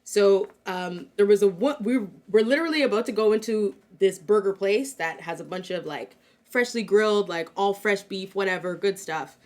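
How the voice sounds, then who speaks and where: A woman's voice: mid-range voice, normal speed. Young canadian woman co-hosting, chatty storytelling, lots of "like" and "um". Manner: chatty, lots of fillers, acts out quotes. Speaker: co-host. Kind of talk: casual storytelling chat.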